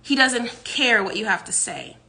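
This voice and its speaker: A man's voice: extremely high pitch, sing-song, a little slow, gravelly, bright, forceful tone, exaggerated voice. A woman voicing an angry male Roman guard who speaks curtly and dismissively.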